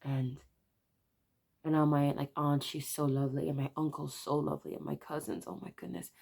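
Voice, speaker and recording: A woman in her twenties, on the verge of tears, telling a halting, soft-spoken confession to camera in a vlog. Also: low-pitched, little pitch movement, creaky. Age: 20s. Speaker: vlogger.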